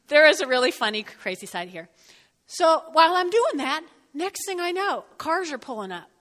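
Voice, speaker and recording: A middle-aged woman from North Jersey with a New Jersey accent, giving an animated sermon and often checking in with her listeners. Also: high-pitched, moderate pace, in a large hall. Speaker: speaker. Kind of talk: sermon with personal storytelling.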